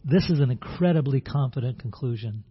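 A man's voice: medium pitch, animated, brisk, breathy edge. A man preaching a sermon as pastor, earnest, often repeating words and restarting phrases. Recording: dull lo-fi sound.

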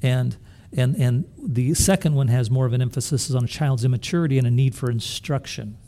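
Mellow-voiced man preaching a sermon. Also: mid-range voice, a little fast. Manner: earnest, with rhetorical questions to the congregation; restarts and repeats words while thinking aloud. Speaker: pastor.

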